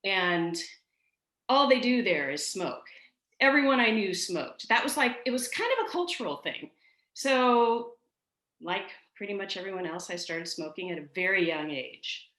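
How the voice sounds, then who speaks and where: A woman's voice: medium pitch, lively intonation, normal speed, fairly bright tone, reverberant. A middle-aged woman from Nebraska, an ER nurse, talking candidly and laughing easily in a video-call interview. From Omaha, Nebraska. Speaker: ER nurse guest.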